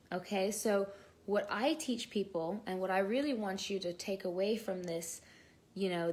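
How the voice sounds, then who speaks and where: A woman's voice: mid-range voice, a little mellow. Chatty, earnest young woman teaching. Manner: chatty and earnest, with frequent fillers and restarts. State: pregnant. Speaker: online course teacher. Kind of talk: casual talk-to-camera lesson. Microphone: built-in mic, no headphones.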